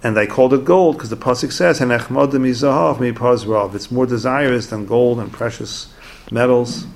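A man doing an earnest young scholar who pours out his remorse. His gravelly voice stays at a middle pitch and breaks into anguish in places. It is an everyday storytelling voice, lifted a little. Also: moderate pace, close to an everyday voice. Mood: remorseful. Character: pious young male Torah scholar, earnest.

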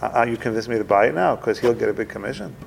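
Gravelly-voiced man giving a relaxed talk. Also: very fast, slight background noise. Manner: conversational, plays out dialogues with rising pitch, repeats himself. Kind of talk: informal Torah talk.

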